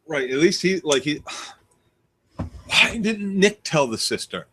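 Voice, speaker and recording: A man's voice: a little high, very animated, slow pace, sharp tone, slight background noise. A man co-hosting a casual recap chat who jokes and swears freely. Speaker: podcast co-host.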